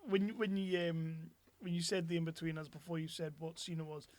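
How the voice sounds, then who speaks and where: A male podcast co-host chats casually and with enthusiasm about comedy. His voice sits slightly high, and the recording is dry and close. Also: brisk, no room sound. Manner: relaxed, enthusiastic and chuckling. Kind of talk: casual chat.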